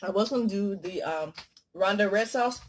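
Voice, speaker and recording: A woman vlogger talking casually while she eats, joking and swinging from loud exclamations to low murmurs. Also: normal speed, a little hiss or hum. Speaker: mukbang vlogger. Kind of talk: casual chat while eating.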